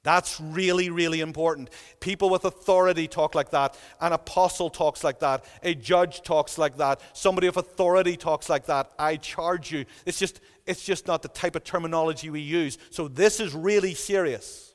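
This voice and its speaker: A man's voice: on the high side, moderate pace, few pauses, long reverb tail. A man preaching a sermon in a church, earnest and emphatic, repeating phrases for weight.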